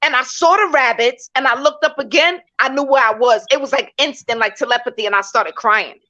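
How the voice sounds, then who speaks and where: A woman's voice: high-pitched, brisk, sharp tone. A woman from New York, a guest in a casual talk, telling a story animatedly and acting out her own reactions. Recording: dull lo-fi audio.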